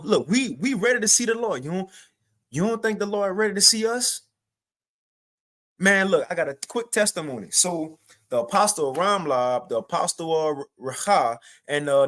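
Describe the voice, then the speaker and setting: Animated young man telling a testimony. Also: fairly high pitch. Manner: animated, repetitive storytelling with casual slang. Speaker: spiritual teacher sharing a testimony. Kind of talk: livestreamed spoken testimony.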